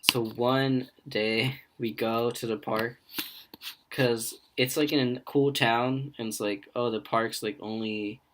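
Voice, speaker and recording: A man's voice: medium pitch, steady tone, takes it slowly, a bit bright, a little hiss or hum. A young man co-hosting a podcast, telling a story in a laid-back, slangy way. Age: young adult. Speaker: podcast co-host. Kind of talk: casual chat, storytelling.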